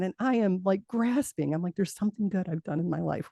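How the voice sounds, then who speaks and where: A woman's voice: medium pitch, animated, fairly quick, creaky, hardly any pauses, mellow, dry recording, clean studio sound. A middle-aged woman, a guest in an interview, telling a personal story earnestly, laughing now and then and restarting her sentences.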